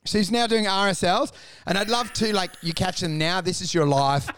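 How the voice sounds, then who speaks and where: High-voiced man riffing crudely. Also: moderate pace, slight background noise. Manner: animated, profane, rambling riffs with impressions. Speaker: comedian co-host. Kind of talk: casual podcast chat.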